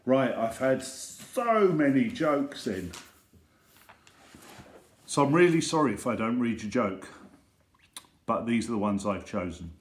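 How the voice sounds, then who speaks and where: A man leading a school assembly, telling funny stories and reading jokes to children in a gentle, teasing way. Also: sits low, reverberant.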